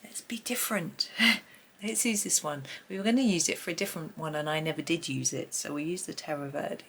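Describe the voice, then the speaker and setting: Woman, middle-aged, narrates colouring in a soft half-whisper, low and gravelly, faint room hiss. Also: fairly quick. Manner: soft-spoken, often half-whispering, chatty with small laughs. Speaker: colouring tutor. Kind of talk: casual narrated drawing tutorial.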